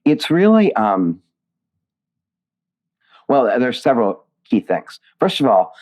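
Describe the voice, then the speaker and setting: A man's voice: medium pitch, slow. A middle-aged man from the United States, a playwright guest telling stories with feeling and frequent restarts. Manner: animated, emotional storytelling with many restarts. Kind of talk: conversational interview.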